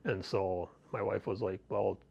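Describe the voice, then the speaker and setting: A man's voice: low-pitched, steady tone, unhurried, vocal fry, husky, dull audio. A middle-aged man on a podcast, telling rambling personal stories with many restarts and laughs. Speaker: podcast host, guest. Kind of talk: casual interview storytelling.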